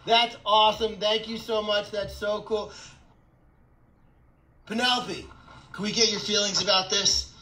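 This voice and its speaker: Excitable high-voiced man. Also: measured pace, pauses often, low-quality recording. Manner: excitable, laughing, rambling. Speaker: animal sanctuary founder. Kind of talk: casual fundraising vlog chat.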